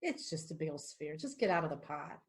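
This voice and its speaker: Lower-voiced woman podcast co-host. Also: a little fast. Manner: relaxed, affirming, laughs along. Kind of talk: casual chat.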